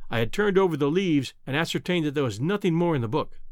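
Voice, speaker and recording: A man narrating a novel aloud in an expressive, theatrical reading. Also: a little high, quick pace, few pauses, no echo, clean studio sound. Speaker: audiobook narrator. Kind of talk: scripted narration.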